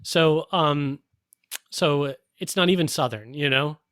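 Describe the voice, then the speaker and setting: Soft-spoken man co-hosting a film podcast. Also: a little high, takes it slowly, dry recording. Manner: hesitant, many fillers and restarts. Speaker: podcast co-host. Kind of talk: casual film review chat.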